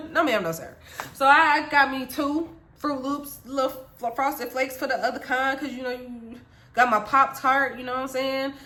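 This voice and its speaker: Bright, chatty young woman storyteller. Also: high-pitched, normal speed. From Caribbean. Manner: animated, chatty, addresses viewers directly. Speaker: vlogger. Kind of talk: storytime vlog. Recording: echoey room.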